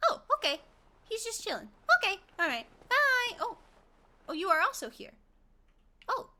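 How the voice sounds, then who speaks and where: High bright girl streamer, giggly, swears a lot, super bouncy voice. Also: sing-song, normal speed. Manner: giggly, chatty, swears playfully. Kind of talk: casual gaming commentary.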